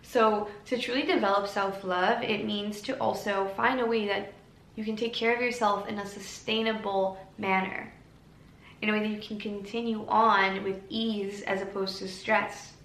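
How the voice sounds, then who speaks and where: A woman speaking as a self-help podcaster in a gentle, encouraging monologue, slowing down to stretch key words. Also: medium pitch, steady tone. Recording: roomy with faint background noise.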